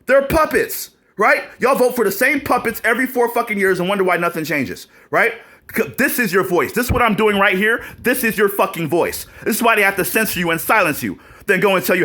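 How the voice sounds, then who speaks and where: A man's voice: sits high, expressive, brisk. A man ranting to camera in a vlog, profane and combative, firing off rhetorical questions and breaking into mocking laughs. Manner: mocking laughs and loud outbursts. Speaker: vlogger.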